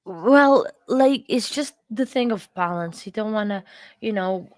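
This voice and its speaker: A woman hosting a live stream, chatting with viewers in an earnest, emotional way, halting with many fillers and restarts. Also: medium pitch, expressive, no echo. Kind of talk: casual chat with live viewers about a court case.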